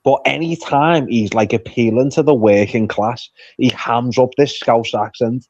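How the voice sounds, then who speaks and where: A man's voice: mid-range voice, unhurried, few pauses, darkish tone, no echo. A man chatting casually as a guest, blunt and swearing a lot. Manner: blunt and heavily profane. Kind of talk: casual chat. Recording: dull, lo-fi, dry remote line.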